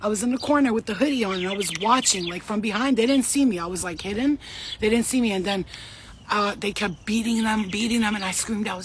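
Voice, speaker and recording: Woman, spiritual vlogger, walking her dog outside; blunt, profane, slangy pep talk, mid-pitched, faint outdoor ambience. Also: quick pace, slight background noise. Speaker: spiritual reader.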